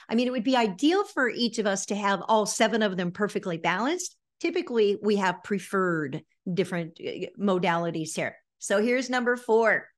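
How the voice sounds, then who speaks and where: A middle-aged woman giving a lively virtual workshop on presentation skills, telling stories and breaking into snatches of song. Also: mid-range voice. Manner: animated storyteller, bursts into snippets of song.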